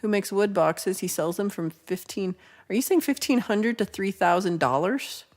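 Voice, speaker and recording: A woman's voice: medium pitch, expressive, moderate pace, darkish tone. A woman hosting a casual livestream, chatting, teasing and laughing as she reads viewer comments. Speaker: livestream host.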